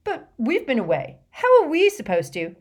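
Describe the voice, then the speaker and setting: A woman voicing a loud, indignant teenage boy in an audiobook. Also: on the high side, sing-song, slow, husky, voice pushed up, heavily acted. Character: excitable, blustering teenage boy. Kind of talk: audiobook character voice.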